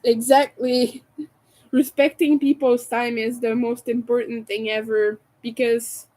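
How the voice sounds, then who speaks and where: A woman's voice: fairly high pitch, a little mellow, low-quality recording. A woman live-streaming while she crochets, chatting casually with viewers, laughing often and rambling through restarts. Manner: giggly, laughs often and hard. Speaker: crochet livestreamer.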